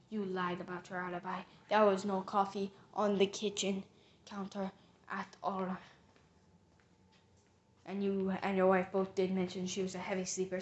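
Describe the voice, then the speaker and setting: A woman's voice: medium pitch, dull audio, a little hiss or hum. A woman narrating a mystery reveal, theatrically accusing the culprit as she retraces the crime step by step.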